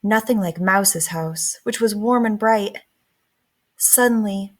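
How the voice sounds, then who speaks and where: A woman teacher reading a picture book aloud in a gentle, expressive storytelling manner. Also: medium pitch, slow.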